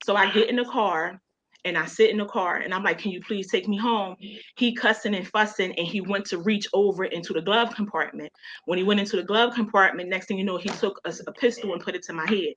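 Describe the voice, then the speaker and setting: Baltimore woman, mid pitch, raw personal storytelling, slightly muffled recording. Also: a little fast, a bit bright, slight background noise. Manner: emotional, conversational, many fillers like "you know". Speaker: guest. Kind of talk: personal storytelling in a radio interview. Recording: dull lo-fi sound.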